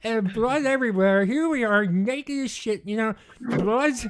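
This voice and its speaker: Animated man laughing through a story. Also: very high-pitched, a little slow. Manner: animated, laughs through his own story, many restarts. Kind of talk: casual storytelling on a podcast.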